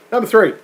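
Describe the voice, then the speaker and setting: A man's voice: a little hiss or hum, low-quality recording. A man co-hosting a podcast, reading quiz questions in casual, teasing banter and laughing often.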